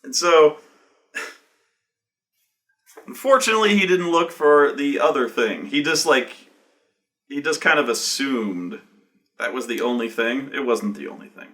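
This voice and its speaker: A man's voice: medium pitch, lively intonation, measured pace, long pauses, pushed and bright. A man who ran a tabletop game telling a story from it in a casual, profane, rambling way, with many false starts.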